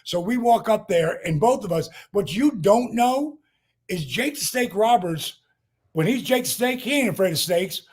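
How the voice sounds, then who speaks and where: An older man with a notably high speaking voice tells a rambling story as a podcast guest. He swears freely, leans on fillers, and performs the lines of the people in his story. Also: animated, normal speed, a little mellow, breathy edge. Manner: profane, acts out quotes, lots of fillers. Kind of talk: animated storytelling.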